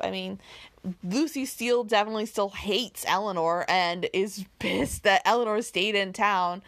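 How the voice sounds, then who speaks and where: A woman's voice: mid-range voice, vocal fry, a bit bright. A woman reading a classic novel aloud chapter by chapter, then chatting about it in a rambling, self-deprecating way. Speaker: reader of an audiobook series.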